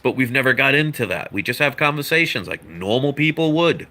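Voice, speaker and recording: Earnest man lecturing in a bright voice. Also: mid-range voice, animated, brisk. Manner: earnest, lecturing, rambling with asides. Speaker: vlogger. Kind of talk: opinion monologue to camera.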